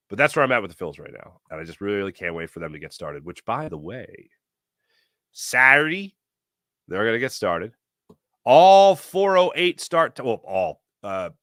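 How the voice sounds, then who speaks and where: Sports podcast guy ranting, super animated, bright punchy voice, dry close mic. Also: lowish voice, dry recording. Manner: animated, opinionated, acts out quoted voices. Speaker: podcast host. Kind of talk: casual sports talk monologue.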